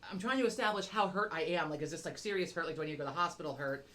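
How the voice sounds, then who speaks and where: A woman's voice: sits low, very fast, fairly bright tone. A middle-aged woman on a podcast, telling a rambling, self-mocking story with constant swearing. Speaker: podcast co-host. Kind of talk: casual chat.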